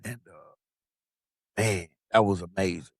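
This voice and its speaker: A man from Long Beach, California, a podcast guest telling his story in a casual, animated way, acting out the voices of people he quotes and swearing freely. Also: deep voice, slow pace, creaky, slightly rough, no room sound, studio quality.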